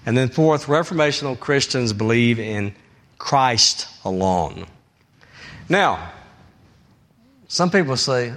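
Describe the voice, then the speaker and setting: A man preaching a sermon as pastor, emphatic and repetitive, swinging between raised high emphasis and low, quiet phrases. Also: lively intonation, slow pace, long pauses.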